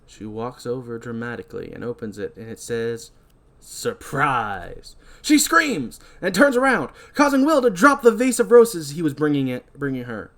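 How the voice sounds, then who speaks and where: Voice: mid-range voice, huge pitch swings, normal speed, few pauses. A podcast host casually recapping a horror movie, chatty and full of fillers. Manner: chatty, filler-heavy, laughing.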